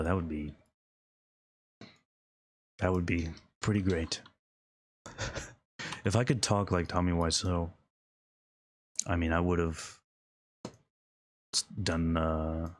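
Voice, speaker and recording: A man's voice: deep voice, fairly even intonation, unhurried, long pauses, a little hiss or hum. A man giving casual, rambling commentary while playing a game, chuckling often and trailing off mid-thought. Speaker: gaming streamer.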